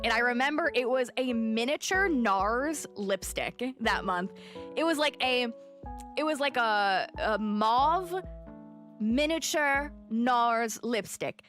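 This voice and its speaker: A woman's voice: fairly high pitch, animated, measured pace, a bit bright, faint music behind. A woman livestreamer chatting casually and animatedly, telling a story while she plays and greets her chat.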